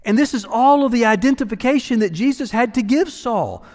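A man preaching a sermon as pastor, emphatic, repeating phrases for weight and moving between hushed and raised delivery. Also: very high-pitched, lively intonation, a little fast. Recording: long reverb of a large hall.

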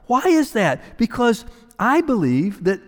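A male pastor with a notably high voice delivers an emphatic sermon, repeating key phrases and swinging from quiet intensity to raised proclamation. His words ring through the long reverb of a large church sanctuary. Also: huge pitch swings, measured pace.

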